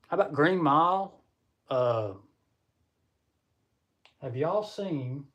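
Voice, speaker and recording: Guy rambling on his livestream, chatting w viewers and laughing a lot. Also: a little high. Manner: talks to viewers while reading comments. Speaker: livestream host. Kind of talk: casual live-stream chat.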